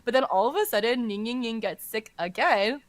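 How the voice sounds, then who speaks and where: Young woman, podcast co-host, casual animated chat, higher voice, dry sound. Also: brisk, dry recording. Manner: animated retelling, full of "like" and swearing.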